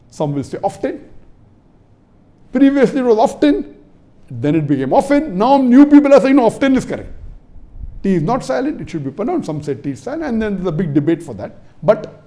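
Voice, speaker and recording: A man's voice: high-pitched, mellow. A man from India giving a religious lecture to an audience, emphatic and repetitive, putting questions to the listeners and spelling words out letter by letter. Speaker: Islamic preacher.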